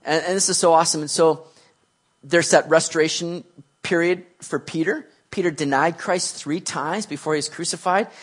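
Animated high-voiced male preacher. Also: normal speed. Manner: conversational, animated, with frequent restarts. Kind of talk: sermon.

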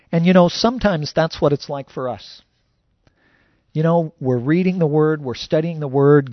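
A man's voice: a little high, no room sound, highs cut off. A man preaching a sermon as a pastor, conversational and full of "you know" fillers.

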